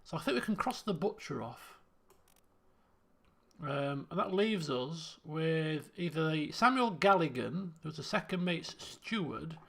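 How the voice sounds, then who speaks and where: High gravelly man thinking aloud. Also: expressive, a little slow, fairly bright tone. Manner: thinking aloud, muttering to himself. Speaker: game streamer. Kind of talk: let's play commentary.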